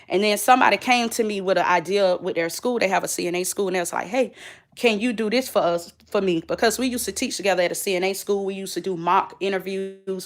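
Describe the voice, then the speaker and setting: A nurse who vlogs gives her viewers a casual update, talking emphatically and directly to them as "y'all" while moving about. Her voice is mid-range, fast and fairly bright.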